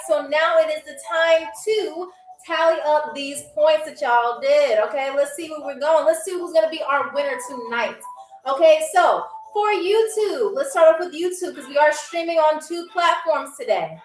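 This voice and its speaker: A woman's voice: high-pitched, moderate pace, a little hiss or hum. A woman hosting a live-streamed game show, playful and teasing as she talks straight to her chat. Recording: echoey room with faint music.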